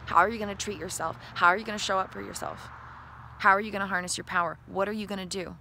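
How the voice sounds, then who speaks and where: Gravelly, bright-voiced woman coaching viewers. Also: mid-range voice, steady tone, fast, a little hiss or hum. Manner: enthusiastic, breathy and playful, laughing often. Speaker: self-help vlogger. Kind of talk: motivational talk to camera.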